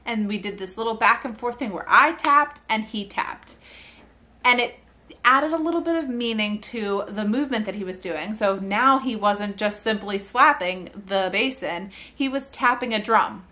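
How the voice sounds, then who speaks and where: A woman's voice: mid-range voice, normal speed, bright, forceful tone. A young woman who works as a speech therapist, talking parents through activities in a casual, chatty way and breaking into sing-song baby talk for the examples. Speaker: speech-language pathologist.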